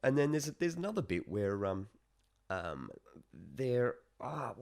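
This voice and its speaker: A man's voice: medium pitch, very animated, unhurried, gravelly. A man with an Australian accent, co-hosting a casual podcast in a studio, reviewing films in a loose, rambling way and swearing often. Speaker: podcast co-host. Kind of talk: casual chat, film review.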